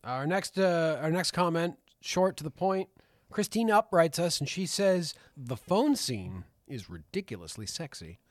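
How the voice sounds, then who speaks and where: A man's voice: a little high, big pitch swings, a little slow, no room sound, studio quality. A man co-hosting a film podcast, joking and reading out listener comments in casual chat. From maritime region. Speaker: podcast co-host.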